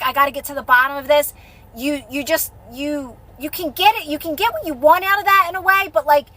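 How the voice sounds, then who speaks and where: A woman's voice: sits high, fairly bright tone, poor audio. A woman coaching on manifestation in a casual live-stream talk, rambling and colloquial with frequent restarts, on a phone mic.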